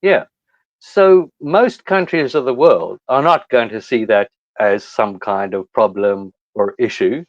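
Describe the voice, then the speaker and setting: Calm questioning guy, dull dry video call audio. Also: medium pitch, measured pace, no echo. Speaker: open mic panelist. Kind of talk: casual political discussion.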